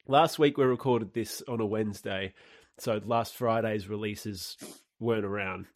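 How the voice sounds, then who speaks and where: A man's voice: fairly low pitch, steady tone, measured pace, no echo. A man co-hosting a podcast in casual chat, with a dry, teasing, sarcastic manner. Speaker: podcast co-host.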